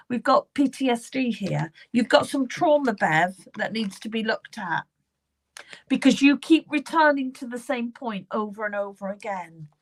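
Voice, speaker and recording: A woman medium with a British accent, giving live card readings in a reassuring, repetitive way, often repeating the client's name. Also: fairly high pitch. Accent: British English. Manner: warm, reassuring, repeats names and phrases while drawing cards.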